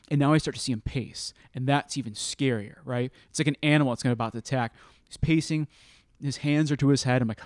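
A man's voice: medium pitch, fast talker, no echo, clean studio sound. Storytelling man, chatty podcast voice. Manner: animated storyteller who acts out quoted dialogue. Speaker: podcast co-host. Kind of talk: casual chat, storytelling.

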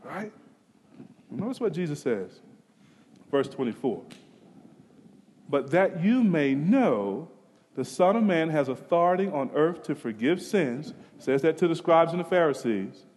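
Male preacher, sermon delivery, dynamic from quiet to fervent, high-pitched, long hall reverb. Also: lively intonation, unhurried, pauses often. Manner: dramatic swings from hushed to emphatic, rising to near-shouts. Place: church sanctuary.

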